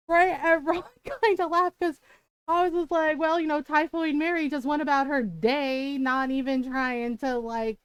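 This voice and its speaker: A talkative woman streamer with a slightly high, smooth and clear voice, recorded close and dry. She rambles through her story with lots of "like" and "right?", and drops swear words freely when exasperated. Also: dry recording. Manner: chatty, peppered with "like" and "right?". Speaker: livestreamer. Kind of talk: casual storytelling chat.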